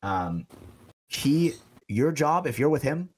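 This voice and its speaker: A man's voice: medium pitch, sing-song, takes it slowly, husky. A young man co-hosting a podcast, telling stories in a loose, profane, casual way and laughing often. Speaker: podcast co-host. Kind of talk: casual chat.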